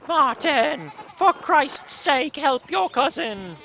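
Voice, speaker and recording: Guy doing a high bright stern village mom, snapping and fed up. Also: lively intonation, a little slow, highs cut off, a little hiss or hum, heavily acted. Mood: scolding. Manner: sharp, exasperated scolding. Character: stern middle-aged village mother scolding her son.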